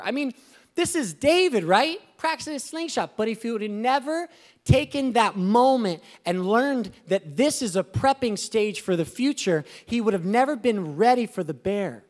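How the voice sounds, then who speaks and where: Animated man preaching a sermon. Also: high voice, normal speed. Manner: animated, rising to emphatic exclamations. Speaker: pastor.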